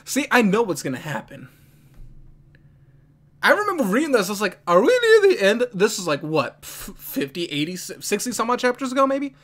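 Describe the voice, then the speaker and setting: Pitched in the middle range and moving at a brisk pace, this anime reaction host is excitable and casual, frequently breaking into laughter and answering the screen directly.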